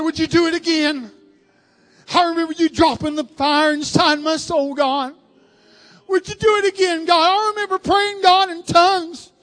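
A man preaching a Pentecostal revival sermon, praying in a fervent, chanting way that rises to crying shouts. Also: very high voice. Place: church sanctuary at the altar. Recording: music behind, long church reverb.

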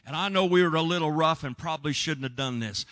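A man's voice: a little high, quick pace. A man preaching, telling a rescue story in an earnest, emphatic way. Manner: earnest, emphatic, shouts when reliving moments. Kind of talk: sermon storytelling.

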